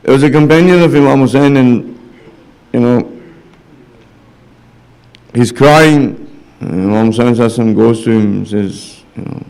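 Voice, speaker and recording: In a mosque hall, a man gives a majlis sermon, recounting stories with quoted dialogue. His darkish, smooth voice moves at normal speed with vocal fry and long pauses, and by the end this religious speaker climbs into impassioned, high-pitched pleading.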